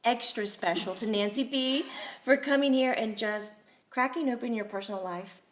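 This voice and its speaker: A woman's voice: fairly high pitch, moderate pace. A woman hosting a talk show, chatting casually and closing with upbeat thanks to her listeners. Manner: upbeat, effusive sign-offs to listeners. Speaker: host.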